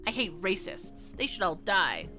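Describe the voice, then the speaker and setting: A woman's voice: medium pitch, sing-song, measured pace. A woman reading the part of a hot-tempered, defiant teenage girl aloud from a visual novel, in an angry, blunt manner. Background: game music.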